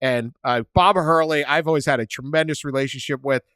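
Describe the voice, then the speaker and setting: A man hosting a sports podcast, telling stories in a lively, chatty way and laughing often. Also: on the high side, fairly quick, clear, resonant tone, no echo. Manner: animated storyteller, laughs often, acts out quotes. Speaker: podcast host. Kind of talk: casual sports chat.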